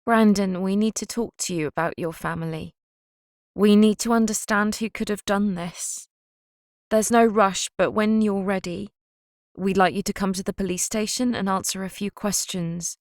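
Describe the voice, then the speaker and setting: Woman voicing a gentle police detective. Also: mid-range voice, fairly even intonation, dry recording, studio quality, voice pushed up, natural voice. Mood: gentle, solemn. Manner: gentle, measured, formal. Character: calm, careful female police detective delivering bad news.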